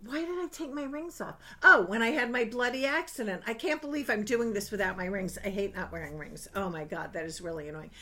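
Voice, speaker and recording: An older woman giving chatty, gossipy film reviews to camera, animated and prone to exclaiming. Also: brisk, hardly any pauses. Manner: animated, gossipy, swings into high exclaiming bursts.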